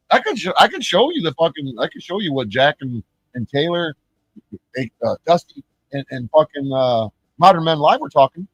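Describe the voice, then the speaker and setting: A man's voice: fairly high pitch, big pitch swings, normal speed, breathy edge, dry recording, dull audio. A man ranting on his live stream, profane and rambling, who often restarts his words.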